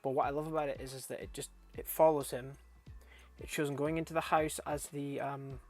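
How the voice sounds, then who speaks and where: A young man rambles through a film review at an ordinary middle pitch. He swears freely and gets animated and laughs when something tickles him. Faint music plays quietly behind him. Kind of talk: casual film review vlog.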